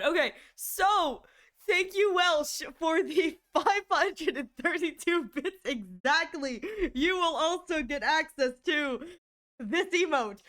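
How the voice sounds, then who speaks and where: Very high-voiced excitable woman streamer. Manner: excitable, laughs often, gushes thanks; shrieks in mock horror. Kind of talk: casual live-stream chat.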